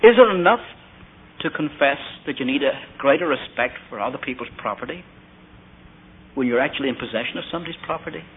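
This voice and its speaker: A man's voice: medium pitch, fast. Tinny-sounding preacher man telling stories. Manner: earnest, anecdotal, asks the audience questions. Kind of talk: storytelling sermon. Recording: tinny lo-fi recording with faint hiss.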